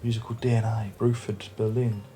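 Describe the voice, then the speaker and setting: A man's voice: on the low side, flat delivery, fairly quick, mellow, faint music behind. A man reviewing an album at home, chatting casually with lots of restarts. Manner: rambling, chatty, many restarts. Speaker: music review vlogger. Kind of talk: casual chat. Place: home room with record player and speakers.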